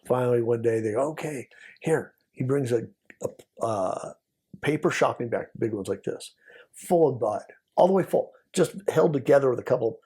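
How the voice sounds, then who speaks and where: Brief: older male guest, gravelly and husky voice, casual storytelling. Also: medium pitch, moderate pace, dark tone. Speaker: retired DEA agent, guest.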